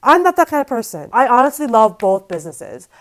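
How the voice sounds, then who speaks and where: A woman's voice: a little high, a little fast, rough recording. Woman ranting through a story. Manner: animated, exasperated ranting; casual, filler-heavy speech with frequent "like". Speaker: vlogger. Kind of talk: casual storytelling to camera.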